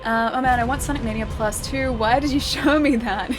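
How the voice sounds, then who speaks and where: A woman's voice: on the high side, a little fast, music in the background. A young Australian woman chatting casually while livestreaming a game, giggling often and answering her chat. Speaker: streamer. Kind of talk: live game stream chat.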